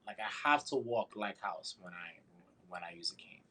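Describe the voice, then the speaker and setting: A low-voiced man speaks at normal speed on a casual podcast he co-hosts, with poor audio quality. He tells an animated story full of swearing and acts out the voices of the people in it.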